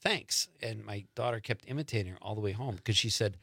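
A man's voice: lowish voice, gravelly, fairly bright tone, dry recording, studio quality. A man from the Midwest with a Midwest accent, hosting a casual interview, chatty and jokey. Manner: chatty, jokey, quick to laugh. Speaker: host.

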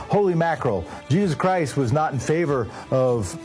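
A man's voice: on the high side, lively intonation, normal speed, darkish tone, faint music behind. A man hosting a call-in radio talk show, talking earnestly and stressing his points. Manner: earnest, emphatic, restarts phrases.

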